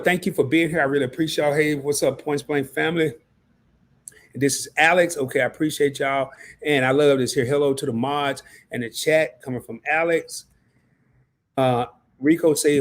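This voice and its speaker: Speaking at a moderate pace in a voice on the high side, this man hosts a casual live stream. He reads his audience's chat messages aloud and keeps the talk loose and slangy.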